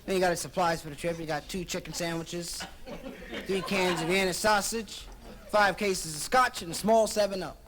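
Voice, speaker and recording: A man's voice: high-pitched, steady tone, normal speed. A man doing stand-up comedy, telling a story and switching animatedly between voices, on a crackly vinyl live album.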